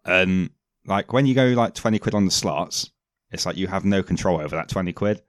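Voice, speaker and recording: A man's voice: deep voice, fairly quick, no echo, clean studio sound. A man with a British accent hosting a podcast, chatting casually and rambling through jokes with his friends. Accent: British English. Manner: rambling, joking banter. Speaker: podcast host. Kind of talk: casual chat.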